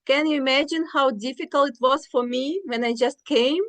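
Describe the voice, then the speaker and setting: A woman's voice: high-pitched, moderate pace, fairly bright tone. A woman from Ukraine with a Ukrainian accent, an English teacher chatting as an interview guest, addressing listeners as guys. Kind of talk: casual interview chat.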